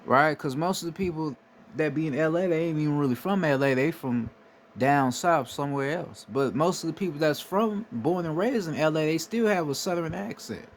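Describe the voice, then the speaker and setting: A man's voice: on the high side, moderate pace, slight background noise. A man from the United States giving a casual, emphatic monologue, swearing freely and often asking "right?" to drive his points home. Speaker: spiritual commentator.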